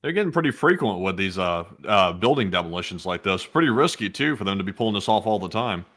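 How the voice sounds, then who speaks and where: Quick low-voiced male co-host. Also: expressive, fairly bright tone. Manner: brief joking remarks. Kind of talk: casual chat.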